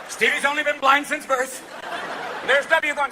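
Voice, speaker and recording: A man performing a live stand-up set, firing off manic impressions and sudden shouts. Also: very high-pitched, steady tone, brisk, a crowd in the background. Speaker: stand-up comedian. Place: theater stage before a crowd. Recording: live audience laughter and noise.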